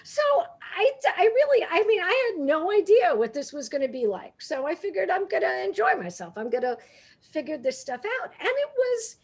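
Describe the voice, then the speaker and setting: A woman in her sixties from Brooklyn tells funny stories with a brash, quick-witted delivery. Her voice sits high and swoops up and down as she acts out the exchanges. She talks like she is used to firing right back. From Brooklyn, New York. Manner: brash, quick comebacks, animated storytelling. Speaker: guest speaker. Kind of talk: humorous storytelling talk.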